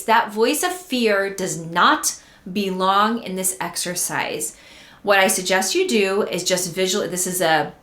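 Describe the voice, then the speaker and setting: A woman's voice: medium pitch, a bit bright. Encouraging woman coaching, roomy echo. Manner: encouraging and direct, giving step-by-step exercises. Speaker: singing coach and podcast host. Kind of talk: coaching monologue to listeners. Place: at her home desk.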